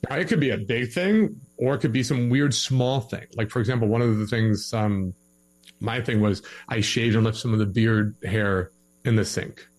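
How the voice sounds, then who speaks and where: A man giving relationship advice in a casual podcast conversation, animated and acting out both sides of an argument. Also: medium pitch, normal speed.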